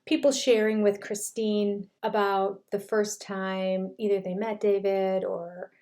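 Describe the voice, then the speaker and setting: A woman's voice: mid-range voice, level tone, takes it slowly, dark tone. An older woman reviewing a reality show in casual commentary, retelling scenes in a chatty way and quoting what people said.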